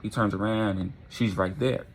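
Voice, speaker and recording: A man with a low, husky voice narrates a dark storytime tale. He tells it casually and with energy, swears freely, and keeps checking in with "right?". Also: moderate pace. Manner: animated, profane, keeps asking "right?".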